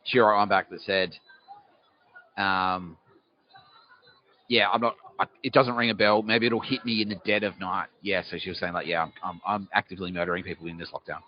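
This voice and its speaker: Aussie guy rambling and swearing, fairly low voice, dull lo-fi sound. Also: fairly even intonation, a little fast. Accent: Australian. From Australia. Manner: swearing, asks himself questions and answers them. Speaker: podcast host. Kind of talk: rambling comic monologue. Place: city street outdoors. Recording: dull lo-fi recording.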